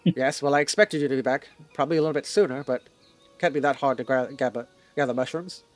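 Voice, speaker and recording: Man putting on a curt, suspicious old hag witch, gruff and scolding, a little low and soft. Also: quick pace, soft background music, lightly acted. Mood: impatient.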